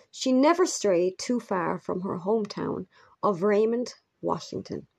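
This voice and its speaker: A woman narrating a true crime story in a measured, grave manner with brief asides. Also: medium pitch, creaky, a little mellow, husky.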